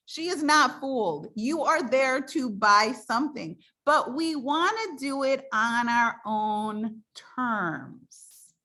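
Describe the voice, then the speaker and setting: A woman coaching her sales team on a call, chatty and animated. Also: high voice, slow pace. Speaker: direct sales team leader.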